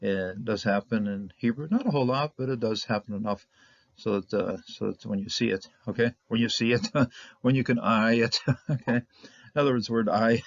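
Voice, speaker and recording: A man's voice: lowish voice, normal speed, no echo. A man giving a casual, rambling Bible Hebrew lesson, repeating words and chuckling as he explains. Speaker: Hebrew teacher. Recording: dull lo-fi recording.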